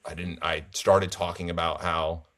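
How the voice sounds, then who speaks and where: A young man recapping his card tournament games in casual, animated, rambling storytelling full of restarts. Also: low-pitched, moderate pace. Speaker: tournament player guest.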